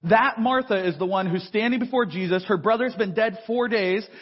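A man with a high, husky voice preaching in a large cathedral. He talks in a relaxed, conversational way and acts out the voices from the story. The sound is dull and rings with a long church reverb. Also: normal speed. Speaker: pastor. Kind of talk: sermon.

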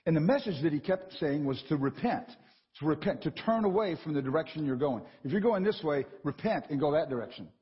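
A man preaching a sermon in a church, animated and conversational, often checking in with the congregation. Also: fairly high pitch, brisk, in a large hall, dull audio. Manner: animated and conversational, with frequent "right?" asides.

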